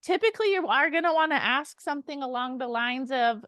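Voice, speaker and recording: A woman coaching a sales team in an energetic, emphatic way, acting out sample call lines. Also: high voice, fairly quick, few pauses, no echo. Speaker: sales trainer.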